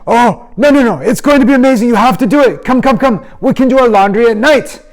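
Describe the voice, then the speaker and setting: A man voicing an excited schoolboy friend who pleads loudly and eagerly. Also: fairly quick, rough recording. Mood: pleading. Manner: high, loud, pleading.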